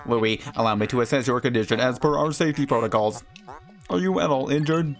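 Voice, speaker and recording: A man voicing a deep-voiced male ship's robot that talks in a stiff, formal, dutiful way. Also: fairly quick, soft background music, close to an everyday voice.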